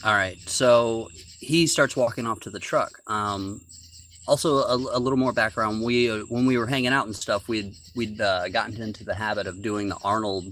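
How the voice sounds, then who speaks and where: Bright-voiced man telling a story. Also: lowish voice, fairly even intonation, normal speed, no echo. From rural United States. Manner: rambling, many restarts and fillers. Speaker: podcast guest telling a story. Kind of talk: casual storytelling.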